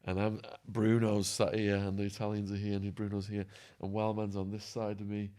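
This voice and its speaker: A man telling prison stories as a podcast guest, acting out quotes and laughing, his voice going hoarse. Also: fairly low pitch, normal speed. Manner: animated storyteller, acts out quotes, laughs. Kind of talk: storytelling interview.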